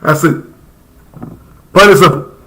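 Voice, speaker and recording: A man's voice: a little high, a little slow, sharp tone, low-quality recording. A young man chatting casually and passionately as a live reaction streamer, rambling in slang.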